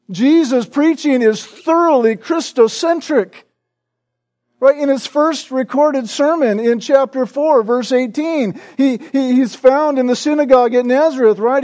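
A male pastor preaching a sermon with emphatic stress on repeated words, often tagging his points with a quick "right?". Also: very high voice, darkish tone. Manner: peppers points with "right?" tag questions.

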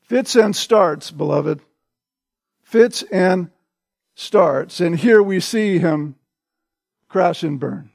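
A male pastor preaching a sermon in a slow, deliberate way, repeating short phrases for emphasis. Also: sits high, vocal fry, a little mellow, no echo.

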